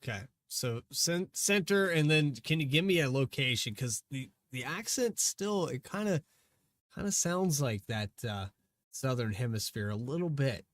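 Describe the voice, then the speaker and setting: A man's voice: mid-range voice, animated, normal speed, dry recording. A man hosting a post-race interview in a chatty, rambling way. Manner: chatty, rambling, hesitant restarts. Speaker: race broadcaster.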